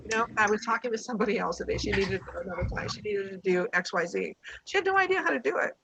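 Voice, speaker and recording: A woman's voice: mid-range voice, expressive, quick pace, vocal fry, noisy background. A woman business coach leading a casual online workshop, chatty and encouraging, telling stories from her clients. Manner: chatty, encouraging, tells anecdotes. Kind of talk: casual live coaching session.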